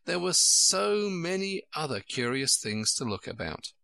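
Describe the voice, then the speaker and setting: A man reading a storybook aloud with expressive, lilting narration. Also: fairly high pitch, a little slow, creaky, dry recording.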